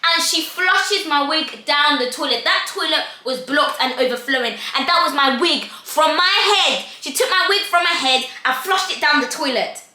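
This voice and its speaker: Bright, animated young woman. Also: high-pitched, moderate pace, hardly any pauses. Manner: dramatic, acts out every voice in the story. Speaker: storytime vlogger. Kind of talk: animated storytime. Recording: echoey room.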